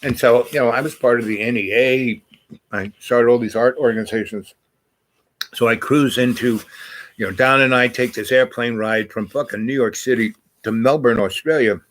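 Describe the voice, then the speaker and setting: A man's voice: mid-range voice, steady tone, moderate pace, fairly bright tone. An older man telling meandering personal stories in a casual, profane way, full of fillers and restarts. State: achy and groaning from sitting too long. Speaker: storyteller. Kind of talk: rambling personal storytelling.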